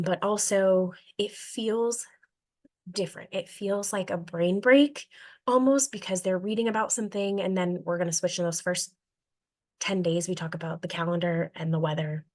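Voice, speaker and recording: A young woman teacher talks through her classroom methods in a casual, rambling way. Her voice sits a little low, and she keeps stopping on "um" and "like." When she quotes her students, she acts the exchange out and her voice goes brighter. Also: fairly even intonation, moderate pace. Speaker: elementary world language teacher.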